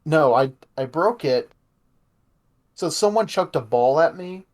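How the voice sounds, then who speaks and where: A man's voice: fairly high pitch, expressive, measured pace, a little mellow. A young man with a slight Texan accent, co-hosting a casual podcast chat, rambling and cutting himself off mid-sentence. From Texas. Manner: rambling, self-interrupting storyteller. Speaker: podcast co-host.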